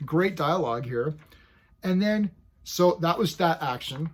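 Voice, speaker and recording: Excitable male reviewer, husky and slightly high, chatty and animated. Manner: excitable, animated, acts out characters' lines in quick paraphrase. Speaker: comic book reviewer. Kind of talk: casual video review.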